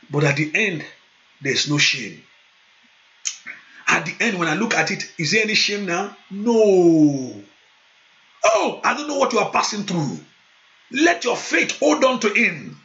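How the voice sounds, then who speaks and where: Impassioned pastor, high lively voice. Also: male voice, measured pace, long pauses. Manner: impassioned, shouting in prayer, speaking in tongues. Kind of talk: sermon with prayer. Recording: dull lo-fi sound.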